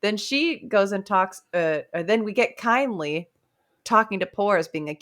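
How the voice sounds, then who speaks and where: Animated woman retelling scenes. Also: medium pitch, measured pace. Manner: animated retelling, playing out characters' lines. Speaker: podcast co-host. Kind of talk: casual book club chat.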